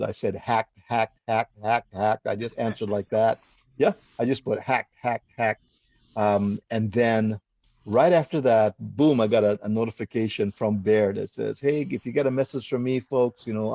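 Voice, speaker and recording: A man's voice: fairly low pitch, vocal fry, no room sound, lo-fi sound. A man, hosting a casual chat and telling stories that act out what people said. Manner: animated storyteller who acts out quoted exchanges. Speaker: host. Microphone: video call.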